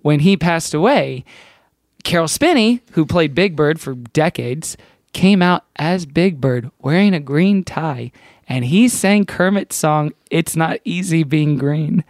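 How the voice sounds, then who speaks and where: Animated man hosting a podcast. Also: on the high side, no echo, studio quality. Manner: animated, jokey, quick asides and laughs. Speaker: podcast host. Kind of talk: casual chat.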